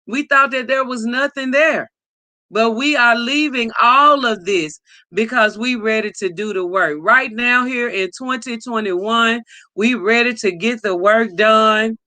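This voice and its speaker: Brief: woman host, bright, unhurried delivery, dry close mic, warm shout-outs to chat. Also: fairly high pitch, no room sound. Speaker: livestream host. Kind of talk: casual livestream greeting viewers.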